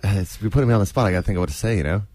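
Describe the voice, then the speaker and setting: A man's voice: lowish voice, racing, darkish tone, no echo. A man on a sports chat show, sounding flustered and self-conscious.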